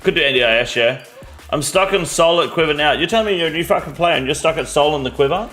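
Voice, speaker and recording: A man's voice: on the high side, lively intonation, fast talker, a bit bright, faint music behind. An Australian man live-streaming a game, chatting bluntly and answering viewers' questions, swearing freely. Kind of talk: casual live-stream chat.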